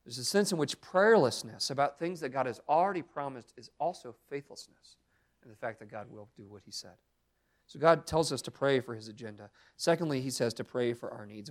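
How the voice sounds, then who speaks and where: A young adult man preaching a sermon as pastor, speaking earnestly and expressively with strong emphasis. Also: medium pitch.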